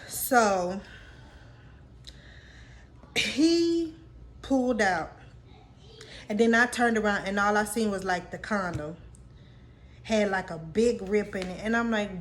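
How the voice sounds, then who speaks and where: A woman's voice: mid-range voice, lively intonation, slow, long pauses, slight background noise. A woman in her late twenties telling a personal story to her viewers in a candid, casual, slang-filled way. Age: late 20s. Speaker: vlogger.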